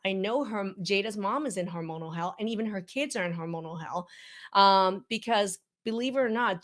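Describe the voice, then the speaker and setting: Emphatic woman physician reacting on camera. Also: mid-range voice. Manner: emphatic, animated, talks straight to viewers. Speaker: functional medicine physician. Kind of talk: reaction video commentary.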